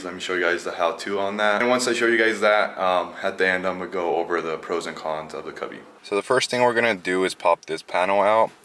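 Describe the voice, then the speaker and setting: Low-voiced winded man, casual how-to. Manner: relaxed, filler-heavy, chatty. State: out of breath. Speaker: car channel host.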